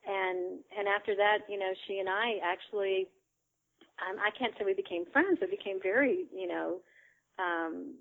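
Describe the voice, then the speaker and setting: A woman's voice: mid-range voice, normal speed, vocal fry. A woman guest tells her story in a loose, chatty way, with plenty of fillers and frequent laughs. Her voice sits in a middle register. It comes through a narrow, tinny phone line. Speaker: interview guest. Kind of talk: casual storytelling.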